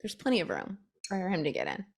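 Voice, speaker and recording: A woman's voice: fairly low pitch, quick pace, gravelly. A young woman co-hosting a podcast, chatting casually and acting out the people in her stories. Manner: animated storyteller, acts out quotes. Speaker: podcast co-host. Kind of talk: casual chat.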